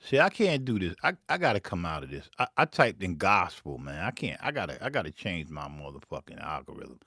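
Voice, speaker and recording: A man's voice: low voice, a little fast, faint music behind. A man chatting casually while making beats live, rambling and profane. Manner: profane, rambling, animated storyteller. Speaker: beatmaker streaming live.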